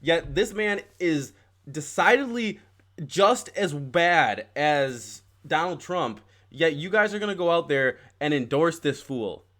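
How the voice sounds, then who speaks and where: A fairly high-voiced man hosting his own political stream and ranting about politics. He swears freely and gets more and more worked up as he talks. Between outbursts he reads passages aloud. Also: lively intonation, slow, a bit bright. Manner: heated, profane, growing angrier; reads quoted text aloud, then riffs. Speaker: political podcast host.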